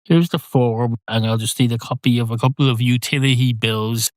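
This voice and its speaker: Officious barman, male, long-winded; a man playing him at mid pitch, dry and close. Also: fairly even intonation, normal speed, no echo, lightly acted. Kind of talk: comic storytelling.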